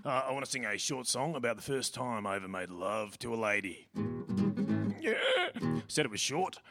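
A man voicing a crude, deadpan bluesy dude with an Australian accent, talking and singing with guitar on a comedy stage. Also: on the low side, moderate pace, voice pushed down.

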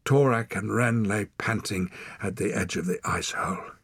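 A man narrating an audiobook in an expressive storytelling manner. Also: fairly low pitch, moderate pace, slightly rough, no echo.

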